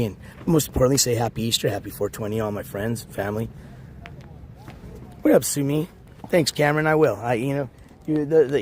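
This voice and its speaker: Hoarse man streaming live outdoors. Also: on the low side, slight background noise. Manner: rambling, shouts out chat viewers. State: hoarse, losing his voice. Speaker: IRL livestreamer. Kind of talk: casual live-stream chat. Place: outdoors at a beach in the morning.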